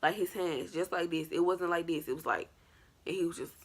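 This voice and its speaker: Woman vlogger, slightly low voice, casual and animated, acts out her story. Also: a little fast. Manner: animated, colloquial, acts out scenes. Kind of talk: storytime vlog.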